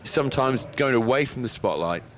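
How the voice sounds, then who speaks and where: A former cricketer offers frank, easygoing analysis as a radio co-commentator. He sounds slightly out of breath, and his voice sits at a middle pitch. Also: expressive, fairly quick, crowd noise. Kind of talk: expert summariser chat.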